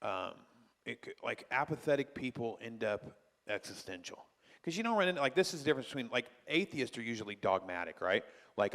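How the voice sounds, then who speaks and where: A man's voice: mid-range voice, sing-song, fast talker, fairly bright tone, in a large hall. A male pastor teaching a church class in a conversational way, full of rhetorical questions. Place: church hall.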